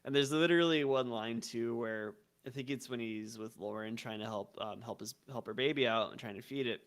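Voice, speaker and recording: A man's voice: medium pitch, brisk. Male podcast co-host, easygoing and giggly, hesitant restarts. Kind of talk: casual chat about a video game.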